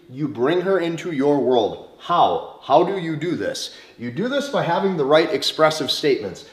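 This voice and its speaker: A man giving a forceful, repetitive dating lecture, swearing freely. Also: on the high side. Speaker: dating coach. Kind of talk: motivational lecture to camera. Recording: roomy echo.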